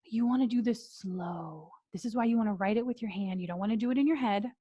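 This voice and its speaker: A woman business coach leads a training, choosing a slow, calm delivery with breathy sighs and softly whispered moments. Her voice is mid-range, and the recording sounds muffled.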